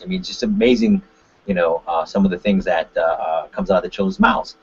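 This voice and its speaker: Man from Korea, martial arts instructor, low husky voice, lively swinging pitch, webinar talk over dull lo-fi call audio. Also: a little fast. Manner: animated, tags points with "right?". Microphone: conference call line.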